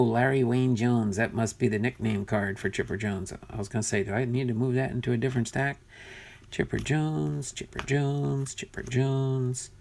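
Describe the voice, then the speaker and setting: A man's voice: lowish voice, creaky, darkish tone. A man casually talking through a box of cards, thinking aloud and muttering as he sorts them. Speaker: card collector vlogger. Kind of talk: casual unboxing commentary.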